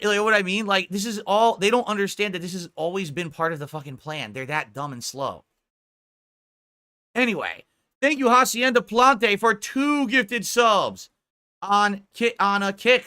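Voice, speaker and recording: Bright-voiced mocking male streamer. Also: high voice. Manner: mocking, laughing, profane. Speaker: live streamer. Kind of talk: live-stream reaction commentary.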